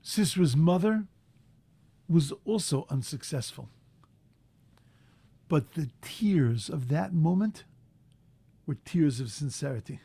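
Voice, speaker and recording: Impassioned high-voiced rabbi preaching. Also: male voice, animated, slow, creaky, long pauses, slightly rough, no echo. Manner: impassioned, builds to loud emphatic peaks; mixes in Hebrew terms and translates them. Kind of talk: sermon.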